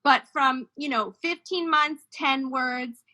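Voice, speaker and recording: Bright high-voiced woman explaining clearly. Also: slow, low-quality recording. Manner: explanatory, demonstrates baby sounds. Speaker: speech-language pathologist guest. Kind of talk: informative talk on child language development.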